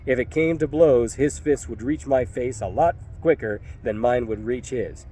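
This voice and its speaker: A man reads a first-person novel aloud in a wry, loose, conversational way, swearing freely as he tells it. His voice sits at an everyday middle pitch. The delivery feels like a story told to a friend. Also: normal speed, dark tone, slight background noise. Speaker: audiobook narrator.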